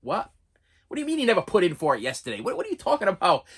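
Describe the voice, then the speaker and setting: A young man telling a personal story in a casual vlog, animated and exasperated, often repeating and restarting words. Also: high voice, racing, breathy edge. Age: young adult.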